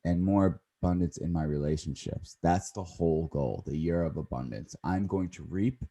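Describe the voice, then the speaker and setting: Brief: very deep, husky man in his thirties, rambling casual podcast chat. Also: moderate pace, warm tone. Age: 30s. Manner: rambling, self-correcting. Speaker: podcast co-host.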